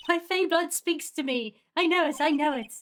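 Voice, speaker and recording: A woman doing an excitable, high-pitched young sidekick. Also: unhurried, a little hiss or hum. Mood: excited. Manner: excited and pushy.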